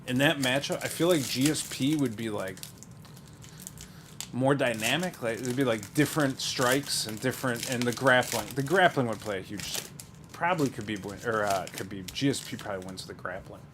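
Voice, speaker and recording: A man in a relaxed, offhand running commentary, calling out names as he goes and wandering into side stories. His voice sits at an ordinary middle pitch. A faint hum of room noise sits behind him. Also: normal speed. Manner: rambling and offhand, trailing into asides and chuckles. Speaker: card breaker. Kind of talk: casual running commentary while opening card packs.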